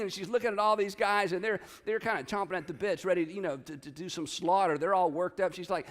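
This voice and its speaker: A middle-aged man preaching a sermon as pastor, telling a story in an animated way and acting out quoted lines. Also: fairly quick, hardly any pauses, in a large hall. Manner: animated storytelling, acts out quotes with rising pitch. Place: church sanctuary.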